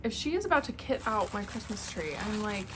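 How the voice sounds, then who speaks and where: A woman's voice: mid-range voice, very animated, a little fast, background noise. A young woman vlogging casually at home, gushing with effusive exclamations. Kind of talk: casual vlog chat. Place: home apartment, indoors.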